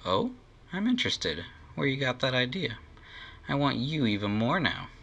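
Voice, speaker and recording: A man's voice: medium pitch, big pitch swings, normal speed, creaky, fairly bright tone, dull audio, pitched above the performer's own voice, heavily acted. A man voicing a greedy, domineering young queen from a game with a haughty, possessive manner. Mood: scheming.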